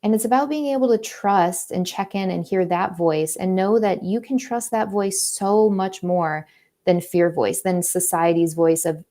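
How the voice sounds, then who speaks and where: A woman's voice: fairly low pitch, unhurried, mellow. A woman artist and teacher chatting casually while she paints, earnest and a little preachy as she drifts into pep talks. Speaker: artist and teacher hosting a live creative stream.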